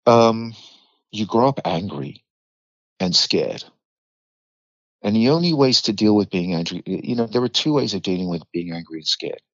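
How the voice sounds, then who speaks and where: Deep-voiced British man telling blunt stories. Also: animated, normal speed, pauses often, no echo. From United Kingdom. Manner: vivid blunt storyteller, swears freely, acts out quoted lines. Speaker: guest. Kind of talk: candid storytelling in a podcast interview. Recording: slightly dull dry recording.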